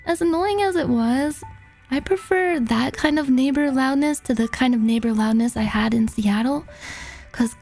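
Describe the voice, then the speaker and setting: Gravelly, high-pitched woman streamer. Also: moderate pace, a little mellow, soft background music. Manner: rambling and laughing, heavy use of "like". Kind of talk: casual chat.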